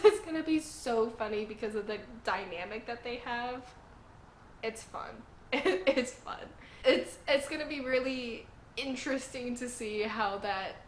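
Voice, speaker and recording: A woman with a voice a little higher than most talks casually through a review. She is enthusiastic and breaks into giggles, filling gaps with "like." The room adds a noticeable echo, and a faint ambient hum sits underneath. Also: fairly bright tone. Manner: giggly, enthusiastic, says "like" a lot. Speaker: anime and manga reviewer.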